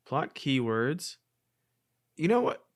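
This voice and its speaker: A man's voice: a little high, very animated. Joking male podcast co-host. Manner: jokey, laughs often, quick asides. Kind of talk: casual podcast banter.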